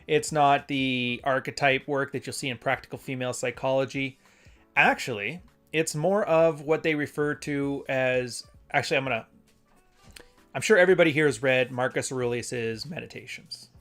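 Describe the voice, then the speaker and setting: A man's voice: medium pitch, normal speed, a bit bright, faint music behind. A man hosting a casual solo show, talking in a loose, rambling way and reading passages aloud. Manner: rambling, conversational, self-correcting. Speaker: podcast host.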